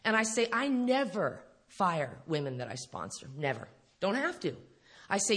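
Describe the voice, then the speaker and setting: Brief: middle-aged woman, recovery speaker at a live event, bright forceful voice, candid, swears freely. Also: a little high, big pitch swings, measured pace, husky. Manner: blunt and profane, laughing often. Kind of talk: candid storytelling talk to an audience.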